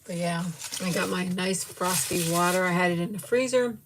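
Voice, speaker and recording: Against a noisy background, a middle-aged woman with a voice on the low side speaks at normal speed. She's hosting a laid-back livestream, sampling a sweet and effusively thanking viewers by name between frequent giggles.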